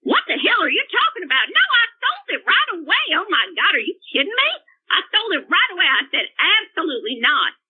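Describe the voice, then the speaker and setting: A furious mother rants down the phone at the hosts, her voice high and swinging wildly. She is shrill and indignant, never letting anyone get a word in. The sound is squeezed and tinny, like a phone call. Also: sing-song, a little fast, few pauses. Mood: ranting indignant. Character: irate middle-aged mother calling into a show. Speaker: caller.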